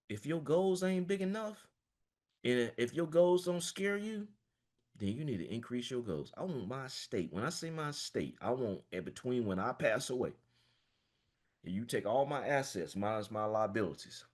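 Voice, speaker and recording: A man's voice: mid-range voice, very animated, moderate pace. Passionate man coaching on a call. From small-town Florida, US. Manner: passionate and emphatic, repeats "man" constantly. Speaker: financial coach. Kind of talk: motivational talk to a group call. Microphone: video call.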